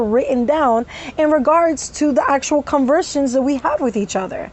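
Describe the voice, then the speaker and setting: A woman's voice: high-pitched, expressive, moderate pace, a little mellow. Rambling woman vlogger with vocal tics. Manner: rambling, many fillers, sudden vocal tics. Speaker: vlogger telling a personal story. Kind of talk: casual storytime.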